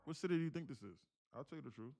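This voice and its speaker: A man livestreaming his day trading, telling stories in a slangy, animated way at home. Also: fairly high pitch, very fast, soft background music. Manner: animated storytelling, slangy, calls people bro. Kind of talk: casual livestream chat.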